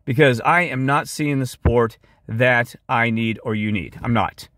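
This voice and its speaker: A weary man rambles through a heartfelt monologue, drifting between topics. His voice sits at a middle pitch and is recorded close on a dry mic, with no room sound around it. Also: unhurried, a bit bright, dry recording. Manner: rambling, impassioned, goes off track. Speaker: video creator. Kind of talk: rambling monologue with screen share.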